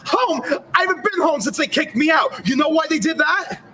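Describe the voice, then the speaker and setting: A man's voice: very high voice, expressive, moderate pace, bright, forceful tone, a little hiss or hum, full character voice. An actor playing a clingy, theatrical young man scolding his partner. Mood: shrill. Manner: theatrical, whiny.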